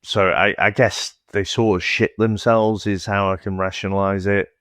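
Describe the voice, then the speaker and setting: A man's voice: lowish voice, flat delivery, normal speed, a bit bright, dry recording, clean studio sound. A man with a Northern English accent co-hosting a film podcast, talking things through thoughtfully, with stammered starts and casual swearing. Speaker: podcast co-host. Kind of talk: casual film review chat.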